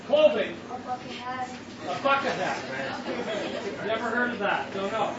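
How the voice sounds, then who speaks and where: High-voiced man bantering from a distant stage. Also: animated, measured pace, a loud crowd. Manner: playful, bantering with listeners. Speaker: preacher. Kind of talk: interactive sermon with audience. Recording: distant, echoey, dull and noisy room recording.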